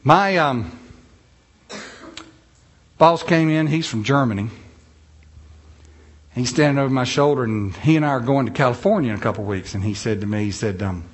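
A middle-aged man with a North Carolina Southern accent, telling funny stories in a folksy, self-deprecating talk. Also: mid-range voice. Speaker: speaker giving a talk. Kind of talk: humorous storytelling talk.

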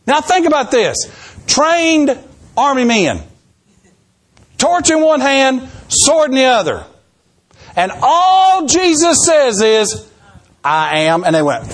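Lively high-voiced preacher man. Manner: animated storytelling, acts out quotes. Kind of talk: sermon.

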